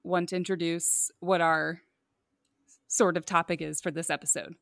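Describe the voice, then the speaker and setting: A woman's voice: fairly low pitch, level tone, moderate pace, creaky, no echo, studio quality. A woman co-hosting a podcast, chatting casually in a bashful, giggly way. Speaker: podcast co-host. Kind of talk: casual chat.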